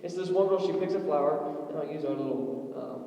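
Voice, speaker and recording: A young adult man preaching an animated sermon in a church, telling stories and acting out voices with humor. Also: on the high side, fairly quick, gravelly, dull audio. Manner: animated storytelling with acted-out quotes and jokes. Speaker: pastor. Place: church sanctuary. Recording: echoey hall, voice from far off.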